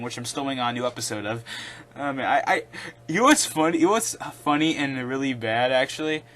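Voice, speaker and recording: A young man talks off the cuff as the host of his own video. His voice sits a bit high for a man, and he sounds exasperated and animated. He rambles, restarts his sentences and keeps circling back to his point. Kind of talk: casual ranting commentary.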